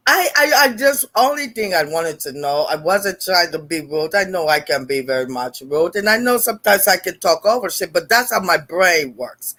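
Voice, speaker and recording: A woman's voice: mid-range voice, fairly bright tone. An older woman hosting a live stream, chatting bluntly with viewers, laughing often and swearing freely. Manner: blunt, profane, laughing, greeting viewers by name. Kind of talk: casual live-stream chat.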